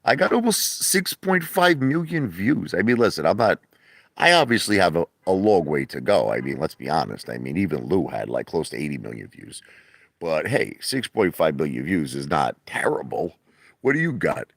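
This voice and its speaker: A man chatting casually on a livestream, rambling and boastful, sometimes laughing and putting on a mock falsetto. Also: very animated, normal speed, gravelly, no echo, clean studio sound. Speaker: livestream host. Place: outdoor hot tub at night.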